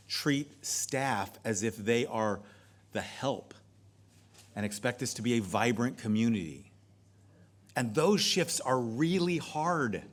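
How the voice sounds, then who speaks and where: A middle-aged man, a pastor and leadership speaker, giving a seminar talk with lively storytelling and occasional drops to a soft, near-whispered delivery. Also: medium pitch. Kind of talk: seminar talk with acted-out stories.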